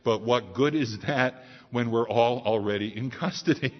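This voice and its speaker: A male pastor preaching a sermon in a church, swinging from loud declarations to hushed lines. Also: mid-range voice, normal speed. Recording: dull sound with long hall reverb.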